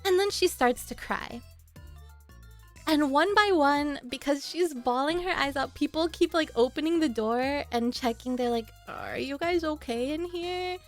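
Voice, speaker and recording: A young woman streamer tells a story to her chat in a high, bright-sounding voice. She is animated and acts out the quoted lines, leaping up in pitch. Soft music plays quietly underneath. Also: unhurried.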